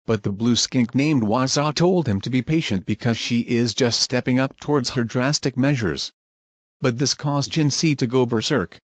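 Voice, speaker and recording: Man, scripted narration, plain even recounting, mid pitch, dry close sound. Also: normal speed, dry recording.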